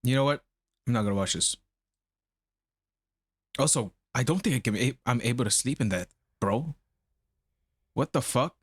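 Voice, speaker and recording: A man's voice: medium pitch, animated, normal speed, long pauses, breathy edge, no room sound. A man streams live and chats loosely, cursing freely in a mid-range voice. He is feeling unwell, his nose is stuffy and running. The sound is close and dry, with no room behind it. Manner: profane, rambling. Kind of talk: casual live-stream chat.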